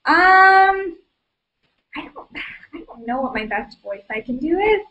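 A young woman with a high voice chats through a live question-and-answer stream, stumbling over fillers and laughing easily. The recording is a low-quality stream copy. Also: lively intonation, unhurried, bright, forceful tone, dull audio. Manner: chatty, filler-heavy, giggly. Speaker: livestream host. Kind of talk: casual live Q&A.

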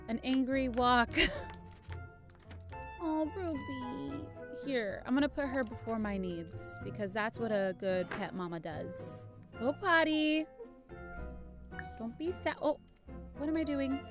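A woman's voice: fairly high pitch, expressive, a little slow, music in the background. A young woman hosting a casual let's-play, chatty and playful, scolding the pets in her game. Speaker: gaming channel host.

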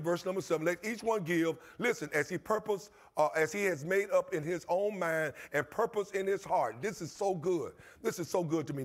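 A man pastor, preaching a passionate sermon in his church with call-and-response and repetition. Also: on the high side. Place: church sanctuary.

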